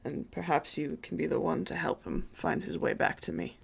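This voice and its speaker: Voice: mid-range voice, lively intonation, vocal fry, slight background noise. A game master voicing a grieving lich god of death. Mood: weary. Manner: halting, soft-spoken, full of hesitations.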